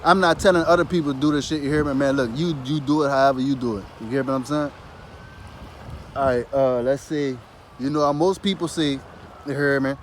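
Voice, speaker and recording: A man's voice: mid-range voice, fairly even intonation, fairly quick, slight background noise. A man talking casually and loosely about spirituality, dropping "you hear me" after nearly every phrase and swearing freely. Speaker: spiritual talker. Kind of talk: casual monologue.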